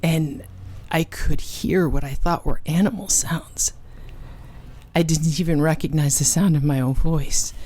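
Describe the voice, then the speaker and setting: Woman speaker with a low voice, telling her testimony earnestly and emotionally. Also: fairly even intonation, warm tone. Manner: earnest, emotional storytelling with dramatic pauses. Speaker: ministry cofounder and conference speaker. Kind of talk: personal testimony.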